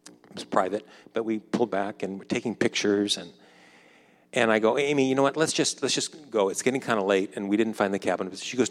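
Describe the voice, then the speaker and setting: A man in his fifties telling a personal story in a conversational way, acting out the dialogue and dropping softer when reflective. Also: fairly low pitch, brisk. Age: 50s. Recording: long hall reverb.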